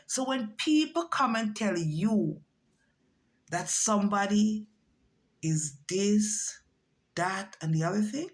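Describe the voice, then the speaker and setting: A woman's voice: mid-range voice, slow, long pauses, poor audio. A woman in her forties telling a personal story in a casual monologue, acting out what other people said. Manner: animated, acts out quoted voices. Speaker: vlogger.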